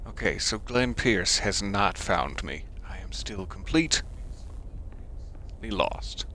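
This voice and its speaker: A man live-streams a puzzle game, commenting to himself in a playful, melodramatic way and even talking to objects. His deep voice is forceful and bright, slow but lively in intonation, with slight background noise.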